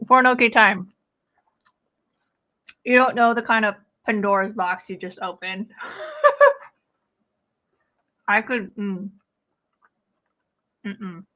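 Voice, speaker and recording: Chatty young woman, unhurried. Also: mid-range voice, steady tone, sharp tone. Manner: chatty, lots of "like" and laughter. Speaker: host of a fight watch-along stream. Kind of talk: casual chat with live viewers.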